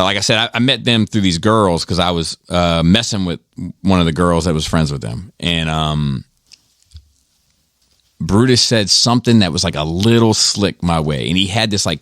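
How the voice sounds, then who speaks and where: Low-voiced man telling rambling stories. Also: fairly bright tone, no room sound, clean studio sound. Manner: rambling, profane, many fillers. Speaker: podcast host. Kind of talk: casual storytelling.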